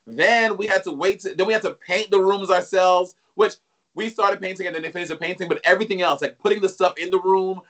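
A man with a high, bright voice chatting as a guest. His talk is candid and expressive, and he rambles through his stories. His tone has a sharp, forward edge. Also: quick pace. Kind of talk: casual chat.

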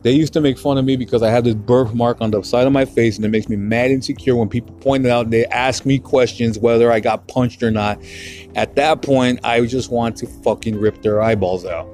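A man's voice: mid-range voice, steady tone, brisk, a little mellow, slight background noise. A young man hosting a podcast, swearing hard and stumbling over his words as he talks through painful memories, close to tears. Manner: profane, emotional, getting choked up; heavy swearing, repeats himself. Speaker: podcast host. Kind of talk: solo podcast monologue.

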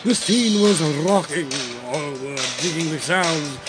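A brash podcast host belting out karaoke at an unhurried pace, with a loud karaoke backing track playing throughout. The delivery is rough and joking, all about pushing the voice to its limit. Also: mid-range voice, loud music behind the voice. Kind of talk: karaoke singing and casual chat.

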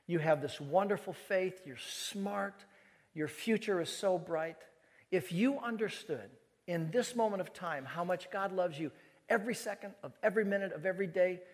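Male preacher, animated storyteller, slightly high voice, long hall reverb. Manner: animated storyteller who acts out dialogue. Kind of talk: sermon storytelling to a live audience.

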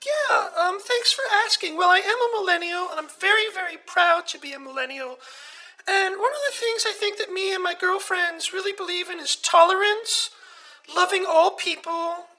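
A woman playing a whiny, easily offended young millennial caller who grows indignant and shouts. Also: very high-pitched, normal speed, low-quality recording. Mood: earnest. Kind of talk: comedy sketch acting.

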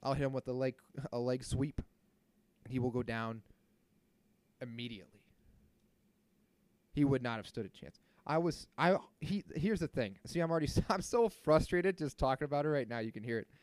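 A man in his thirties tells a story on his podcast, worked up and indignant, with a steady middle pitch. He curses freely and keeps the story moving. The recording is dry and close. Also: moderate pace, long pauses, clear, resonant tone, no room sound. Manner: animated, indignant, swears freely. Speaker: podcast host. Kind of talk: casual storytelling monologue.

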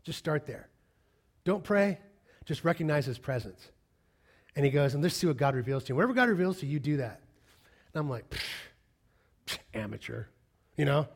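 A male preacher with a somewhat high voice delivers a conversational sermon. He drops to near-whispers in tender moments, then lifts into strong, emphatic lines. His pitch rises and falls widely as he tells his stories. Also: expressive, a little fast, pauses often. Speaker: pastor.

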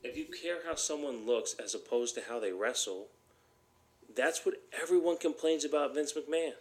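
A man's voice: fairly high pitch, normal speed. A man hosting a solo podcast, ranting bluntly and heatedly, swearing often. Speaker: podcast host.

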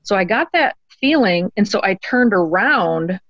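A woman earnestly telling a personal story as an interview guest, halting with ums and restarts. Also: mid-range voice, expressive, no echo, dull audio. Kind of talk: conversational storytelling.

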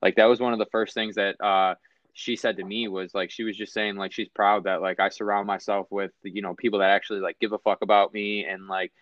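A man's voice: fairly low pitch, level tone, brisk, a bit bright, dry recording. A young man hosting a podcast, chatting casually and profanely and laughing often. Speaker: podcast host. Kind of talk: casual chat. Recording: dry, slightly dull sound.

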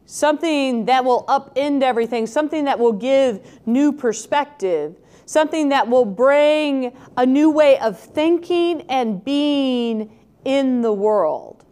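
Woman preacher, high voice, casual sermon with rhetorical asides. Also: slow pace. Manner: conversational, asks rhetorical questions, animated when quoting. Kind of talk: scripture reading and reflective sermon.

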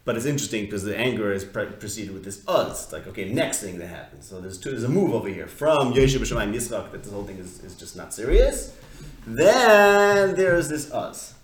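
A man leads a casual text study class. He keeps posing questions and restarting his sentences as he thinks aloud. His voice sits at an ordinary pitch and carries a noticeable echo from the room. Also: very animated, a little fast. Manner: conversational, questioning, full of restarts and fillers. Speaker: Torah teacher. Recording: echoey room.

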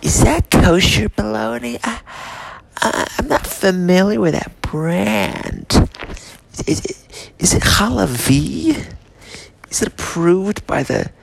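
A man's voice: high voice, animated, slow pace, gravelly, breathy edge, pitched above the performer's own voice, full character voice, poor audio. A man putting on a stammering, fretful devout man. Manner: stammering, tearful worried questions.

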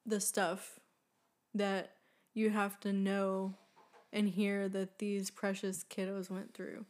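A woman's voice: medium pitch, monotone, slow pace, a little mellow. A woman in her twenties co-hosting a podcast, talking earnestly in a chatty way with many fillers and frequent laughs. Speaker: podcast co-host. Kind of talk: casual chat.

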